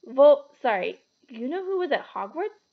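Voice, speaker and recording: A woman voicing a quiet, curious eleven-year-old boy wizard who answers shortly, read aloud from a storybook. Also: high-pitched, very animated, normal speed, muffled recording, pitched above the performer's own voice. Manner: short, plain replies.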